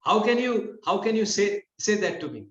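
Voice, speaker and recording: A man voicing a proud young queen who angrily defends her husband with a shrill, rapid, scolding outburst. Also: lively intonation, recorded from a distance, natural voice. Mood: indignant. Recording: dull, roomy lo-fi recording.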